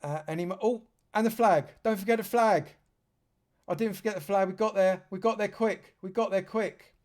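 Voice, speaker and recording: A man's voice: sits high, normal speed, a little mellow. A man from London, giving chatty live commentary on a game stream and joking with dry sarcasm. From London, England.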